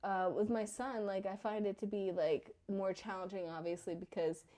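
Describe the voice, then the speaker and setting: A woman's voice: mid-range voice, fairly even intonation, moderate pace, warm tone. A woman in her thirties co-hosting a podcast, chatting casually and freely with lots of "you know" and "like". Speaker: podcast co-host. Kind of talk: casual chat.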